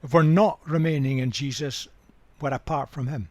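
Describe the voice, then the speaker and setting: An older man giving a Bible study talk, measured and emphatic, repeating key words for weight. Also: mid-range voice, fairly even intonation, a little mellow, no echo. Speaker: Bible teacher.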